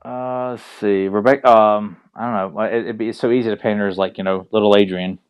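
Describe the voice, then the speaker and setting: A man's voice: on the low side, fairly even intonation, brisk, clear, resonant tone. A man co-hosting a podcast, chatting casually and rambling through restarts. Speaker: podcast co-host. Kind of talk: casual chat.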